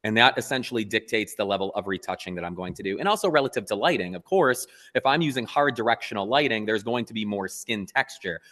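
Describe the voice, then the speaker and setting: A man, a photographer, being interviewed, telling stories in an earnest, animated way. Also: on the low side, fast talker, hardly any pauses, long reverb tail. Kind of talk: casual interview talk.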